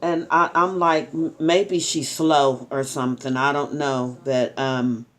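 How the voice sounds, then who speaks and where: A middle-aged woman vlogging at home, chatting to her followers in a rambling, story-telling way with ums and soft laughs. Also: extremely low pitch, steady tone, takes it slowly. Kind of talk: casual chat to camera.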